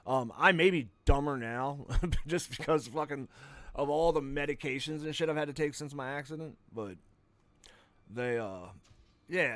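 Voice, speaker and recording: A man's voice: fairly high pitch, fairly bright tone, dry recording. Male streamer, swears constantly, rambles and rants over gameplay, dry close recording. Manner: crude, profane, rambling rants with sudden outbursts. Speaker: gaming streamer. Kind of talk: casual gameplay commentary.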